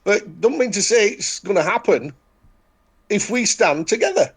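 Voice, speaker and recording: A man with a broad Yorkshire accent, speaking high for a man. He talks in a blunt, insistent way, repeating short declarations for emphasis in a casual chat. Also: animated, moderate pace, slightly rough.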